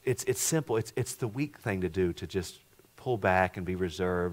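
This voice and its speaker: Middle-aged male pastor, lowish voice, sermon delivery, surges loud then drops to a hush, repeats himself. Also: animated, moderate pace. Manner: preaching with swings from loud emphatic to hushed; repeats words and restarts, asks the congregation questions.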